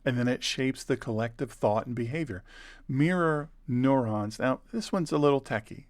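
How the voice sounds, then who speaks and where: A man's voice: mid-range voice, moderate pace, no echo. An older man who is a pastor and show host, giving a conversational sermon and earnestly repeating words for emphasis.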